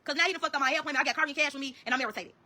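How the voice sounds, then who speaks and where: A woman telling her own story to viewers in a rapid, heated, profane way. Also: high voice, bright, forceful tone. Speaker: storyteller in a social media clip.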